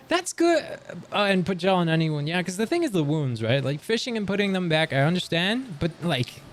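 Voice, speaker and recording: Animated young man chatting on a livestream. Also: on the high side, a little hiss or hum. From Canada, near Montreal. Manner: animated and joking, voice jumping up in surprise. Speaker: livestream streamer. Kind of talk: casual livestream chat, reading out chat messages.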